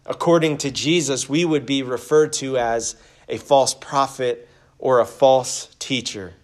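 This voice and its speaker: Slow, earnest man preaching a sermon. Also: medium pitch, steady tone. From United States. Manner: earnest preaching with scripture readings. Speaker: pastor. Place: church.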